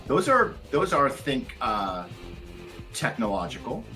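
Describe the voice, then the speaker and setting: Low-voiced woman with a bright, lively tone. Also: unhurried, soft background music. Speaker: tabletop game player. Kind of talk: casual play at the table.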